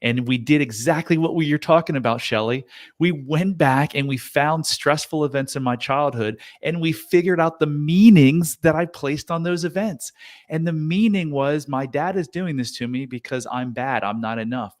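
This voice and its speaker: A man's voice: a little high, normal speed. A man hosting a podcast, speaking in an earnest, enthusiastic way in casual conversation. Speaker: podcast host.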